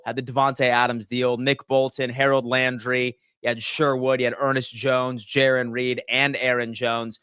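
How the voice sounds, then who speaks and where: A man hosting a live sports talk stream, energetically reading out viewer shout-outs and giving his take. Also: mid-range voice, clear, resonant tone, no room sound, studio quality. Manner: energetic, reads chat shout-outs aloud. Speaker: sports livestream host.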